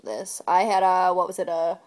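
A woman co-hosting a relaxed video where she opens trading cards. She is chatty, reacts quickly to each card, and talks about the ones she likes. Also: lowish voice, crowd noise. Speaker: video co-host. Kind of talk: casual card-opening chat.

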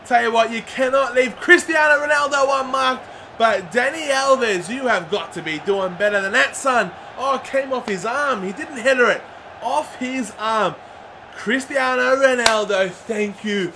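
A young man, a regular on the channel, excitably commentating a football video game, swinging from groans to yells. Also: high-pitched, moderate pace, background noise. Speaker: gaming commentator.

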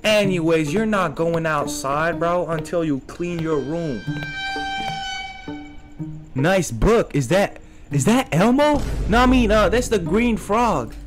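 Young male streamer, slangy and goofy, unhurried delivery over light background music. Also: on the high side, expressive. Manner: slangy, jokey, talks to game characters. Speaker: gaming streamer. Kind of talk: let's play commentary. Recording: faint game music behind.

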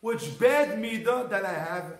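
A man's voice: high voice, lively intonation, measured pace. A man, a rabbi, teaching a Torah class in an emphatic, repetitive manner, his English mixed with Hebrew terms. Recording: echoey room.

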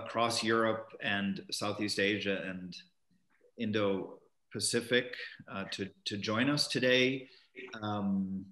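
A man's voice: mid-range voice, a bit bright. A man, a professor and commentator, giving unscripted webinar remarks over a video call, hesitant with many fillers and restarts. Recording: roomy video-call audio.

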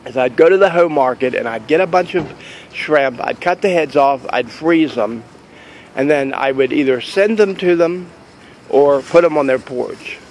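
A man's voice: on the high side, normal speed, slight background noise, rough recording. A man chatting casually to camera in a vlog outside a store, rambling and joking about deals. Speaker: vlogger.

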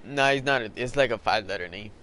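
A man's voice: lowish voice, fast talker, pushed and bright, smooth. A young man casually commenting while playing a basketball video game, swearing and trash-talking in slang. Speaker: gamer streaming a basketball game.

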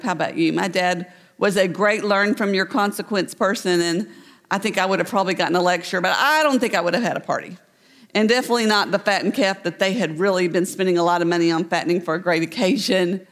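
A woman pastor preaching a sermon, retelling a parable with animated storytelling. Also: fairly low pitch, long reverb tail. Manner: storytelling, voicing the characters in the parable. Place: church sanctuary.

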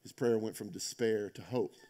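A male pastor preaching a sermon in a conversational storytelling way, rising to loud emphasis and dropping to quiet, intense moments, often checking in with "right?". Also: fairly low pitch, normal speed.

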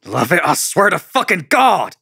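A man's voice: high-pitched, huge pitch swings, normal speed, creaky, sharp tone, slightly rough, voice pushed up, exaggerated voice. A man voicing a screaming, enraged father. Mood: furious shouting. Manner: screaming, furious. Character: enraged, violent middle-aged father shouting.

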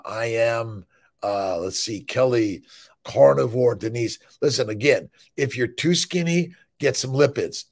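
A man's voice: medium pitch, vocal fry, darkish tone. A middle-aged male fertility doctor hosting a morning livestream, talking in an emphatic, rambling way with blunt, profane asides. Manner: emphatic, rambling, peppered with "listen" and "right?". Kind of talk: energetic motivational monologue.

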